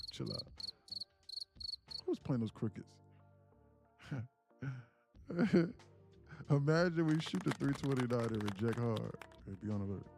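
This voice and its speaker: A man's voice: on the low side, gravelly, dark tone. A man hosting a trading livestream, joking with chat in a playful, slangy way.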